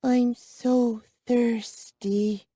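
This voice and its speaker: A man's voice: extremely high pitch, level tone, warm tone, dry recording, clean studio sound, pitched above the performer's own voice, heavily acted. A man doing a hissing, thirsty vampire girl. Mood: hungry hiss. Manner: slow breathy hiss, drawn-out words. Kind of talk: audiobook character voice.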